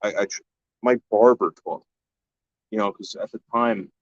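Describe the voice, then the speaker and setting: Blunt, low-voiced man chatting on a stream. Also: steady tone, normal speed, no room sound. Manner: blunt and profane, with frequent restarts. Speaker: live-stream host answering chat. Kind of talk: casual chat. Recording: dull, lo-fi dry recording.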